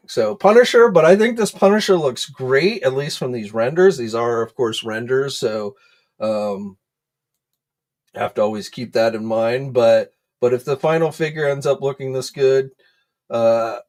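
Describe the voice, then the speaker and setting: A man hosting a casual livestream into his desk microphone. His pitch sits in the middle for a man, and he talks loosely, with frequent filler words and restarts. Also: darkish tone. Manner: chatty, many fillers, greets viewers by name. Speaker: host of an action figure news livestream.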